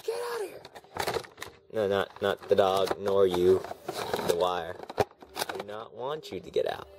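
A man's voice: low voice, steady tone, measured pace, very noisy. A man doing a rambling, sarcastic unboxing review at home, grumbling at the packaging. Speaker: toy reviewer. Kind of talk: casual unboxing commentary. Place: home room with TV on behind. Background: TV and a snoring dog.

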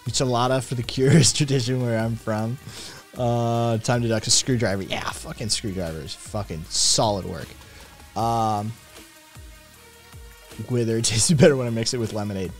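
A man hosting a casual livestream, reading chat messages aloud and answering them with loud, profane, animated opinions. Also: mid-range voice, moderate pace, soft background music. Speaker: podcast host reading live chat.

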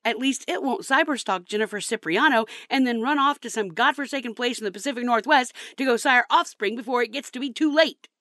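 A woman's voice: on the high side, a little fast, hardly any pauses, a bit bright, no room sound, studio quality, natural voice. An actress playing a heartbroken young woman, telling her story in a bitter, sarcastic, rambling way. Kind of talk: comedy sketch acting.

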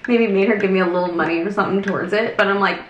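A woman's voice: medium pitch, racing, highs cut off. A young woman talks through her day in a chatty, storytelling vlog, acting out quotes as she goes. Her voice sits in a middle register. The room sounds echoey, and faint noise runs underneath. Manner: chatty, animated retelling with acted quotes. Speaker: vlogger. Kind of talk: casual storytelling chat.

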